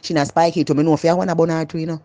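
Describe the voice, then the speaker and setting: A woman with a Jamaican accent, talking loudly and animatedly in a casual, opinionated vlog monologue. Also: low-pitched, very fast, dry recording. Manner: animated, loud and emphatic. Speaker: vlogger.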